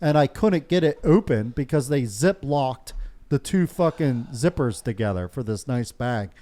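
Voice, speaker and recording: Laughing, lively man telling stories. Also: mid-range voice, moderate pace. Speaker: podcast co-host. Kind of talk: casual storytelling among friends.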